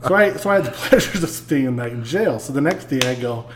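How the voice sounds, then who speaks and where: A man guest on a podcast, telling a story in a casual, animated way and swearing freely. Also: mid-range voice, fast, background noise.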